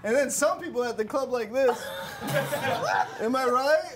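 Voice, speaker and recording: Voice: high voice, normal speed, a loud crowd, very noisy. A comedian doing crude stand-up, rambling and laughing between jokes.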